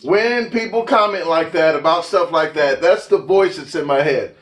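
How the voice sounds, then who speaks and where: A man's voice: on the high side, normal speed. A man hosting his own channel, talking casually to the camera in a rambling, chatty way and interrupting himself. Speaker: YouTube host, competitive eater. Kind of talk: casual vlog talk to the camera. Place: indoors at home.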